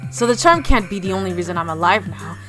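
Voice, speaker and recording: A woman's voice: mid-range voice, expressive, fast talker, over music, close to an everyday voice. A woman voicing a stubborn, skeptical teenage boy in a blunt, defiant way while reading a visual novel aloud.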